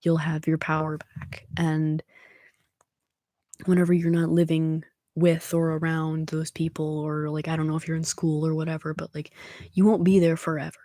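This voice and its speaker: A woman ASMR streamer talking softly on a livestream, often slipping into whispers, gently encouraging her listeners. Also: low-pitched, flat delivery, moderate pace, no echo. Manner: soft-spoken, slipping into whispers. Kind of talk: soft-spoken livestream chat.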